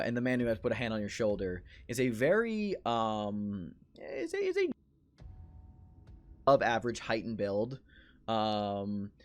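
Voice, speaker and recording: A man acting as game master, narrating a tabletop horror game in a halting way, full of fillers and restarts. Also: on the low side.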